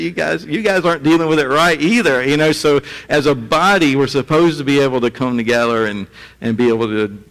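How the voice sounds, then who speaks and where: Male pastor, conversational sermon delivery, mid-pitched voice, long hall reverb. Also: a bit bright. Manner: conversational, chuckling asides.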